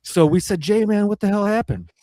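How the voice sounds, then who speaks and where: A man's voice: high voice, fairly quick, a crowd in the background. A man hosting a podcast, telling a long funny story in a casual way, laughing often and swearing freely. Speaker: podcast host.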